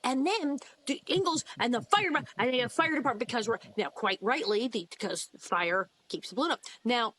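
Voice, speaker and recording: A woman co-hosting a podcast, recapping in a casual, sarcastic, animated way and acting out lines. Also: fairly high pitch, moderate pace, few pauses. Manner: animated, sarcastic, acts out quotes. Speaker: podcast co-host.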